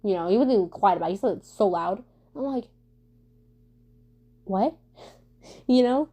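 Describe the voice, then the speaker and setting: A woman vlogging casually for her viewers, talking fast and stumbling over her words, with lots of fillers and restarts. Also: mid-range voice. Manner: fast talker who stumbles and stutters; many fillers and restarts, animated storytelling. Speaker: vlogger answering viewer questions. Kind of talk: casual rambling chat.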